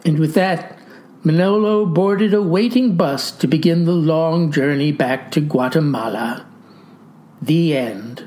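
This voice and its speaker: A woman's voice: low voice, a little slow, dark tone. A woman host reading a satirical storybook aloud with mock earnestness.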